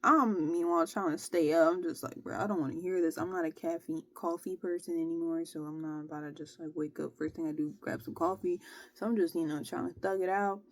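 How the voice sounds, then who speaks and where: A woman's voice: fairly low pitch, brisk. A young woman tells her story in a loose, slangy vlog style. She keeps dropping in "bro" and "like" as she goes. The room sound is dry and close, with no echo. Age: young adult. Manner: slangy, animated retelling with frequent "bro" and "like". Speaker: vlogger.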